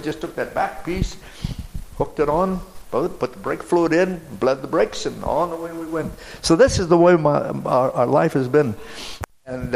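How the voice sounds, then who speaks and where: Older male missionary pastor, gravelly and halting, testimony storytelling, light noise. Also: fairly high pitch, rough recording. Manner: rambling, halting with restarts.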